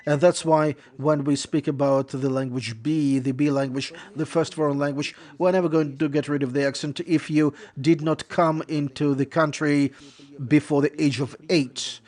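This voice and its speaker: This lecturer on interpreting speaks in a voice-over with a measured, explanatory manner, frequently restating points and correcting himself mid-phrase. His voice sits a little high, steady in tone and slightly mellow.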